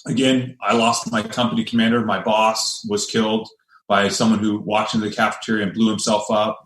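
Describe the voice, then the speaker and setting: A man in his forties from the United States, a guest and army veteran, telling his story in a measured, steady way with some restarts. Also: on the low side. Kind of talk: personal storytelling. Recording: echoey room.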